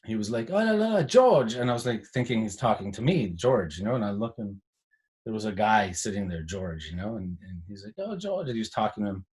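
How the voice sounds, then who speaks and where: Animated man telling studio stories. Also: lowish voice, fast talker. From Canada. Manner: animated storyteller, acts out quotes, swears. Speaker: guest house music producer. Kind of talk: casual chat.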